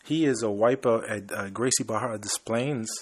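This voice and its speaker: A man's voice: lowish voice, moderate pace, breathy edge, no room sound. A man from Chicago hosting a podcast, talking in an easygoing, rambling way and telling stories casually. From Chicago, USA. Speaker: podcast host.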